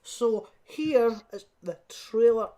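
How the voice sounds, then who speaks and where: A woman's voice: fairly high pitch, animated, slow pace, crowd noise. A woman co-hosting a podcast in casual film review chat, blunt and scathing, laughing often and swearing casually. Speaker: podcast co-host.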